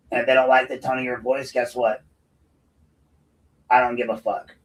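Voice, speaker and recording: A man's voice: medium pitch, recorded from a distance, rough recording. A man hosting an unscripted solo show, ranting in a profane, combative, heated way. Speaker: podcast host.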